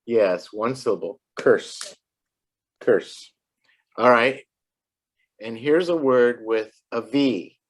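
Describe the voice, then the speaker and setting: A woman gives a one-on-one pronunciation lesson, her voice sitting very low. She speaks slowly and patiently, repeating each word clearly and asking for it back. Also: animated. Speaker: English tutor.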